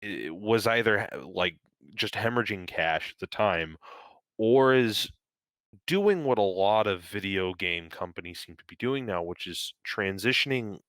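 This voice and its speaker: A man with a deep, low voice chats casually on a podcast, trailing off and restarting his sentences. The sound is dry and close, with no room around him. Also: expressive, measured pace, a bit bright, no room sound. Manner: rambling, many fillers and restarts, swears casually. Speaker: podcast co-host. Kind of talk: casual chat.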